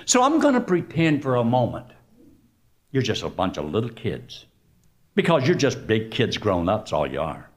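A male preacher giving a sermon, telling stories with big swings from quiet to loud exclamations. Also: on the low side, moderate pace. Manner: animated storytelling, swings from soft to exclamations.

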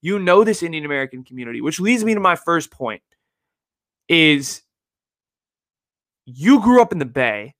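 A young man from the Bay Area talks his way through a casual podcast monologue. He circles back and repeats his points, padding them with "like" and "you know." His voice sits a little high with a bright, tight edge, and the recording is dry and close. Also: sing-song, moderate pace, pauses often, no room sound. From San Francisco Bay Area. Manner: rambling, repeats himself, heavy on "like" and "you know". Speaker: podcast host.

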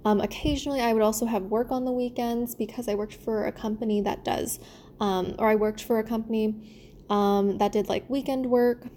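A woman's voice: fairly high pitch, fairly even intonation, normal speed, warm tone, a little hiss or hum. A young woman who works in theater, talking in a casual, rambling monologue full of fillers and restarts. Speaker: theater performer.

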